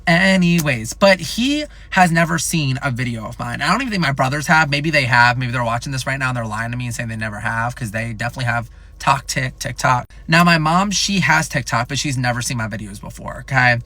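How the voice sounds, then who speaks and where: A young man in his twenties telling a casual storytime vlog in an animated, profane, rambling way. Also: mid-range voice, a little fast, dry recording. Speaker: content creator.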